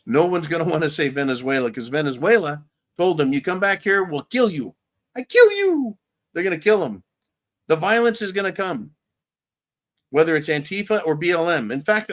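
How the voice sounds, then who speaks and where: A man with a slightly higher-pitched voice hosts his own show, giving political commentary in answer to viewer questions. He talks in a blunt, rambling way and swears freely. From California, USA. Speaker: host.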